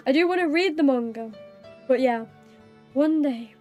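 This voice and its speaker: A young British woman streaming live, chatting casually with her viewers and reading their messages, bubbly, giggly and quick to apologize. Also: high-pitched, mellow, soft background music.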